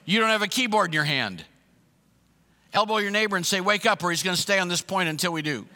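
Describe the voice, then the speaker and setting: A man's voice: sits high, lively intonation, fast, sharp tone, long reverb tail. A man preaching a sermon, emphatic and repeating his questions to the congregation. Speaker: pastor.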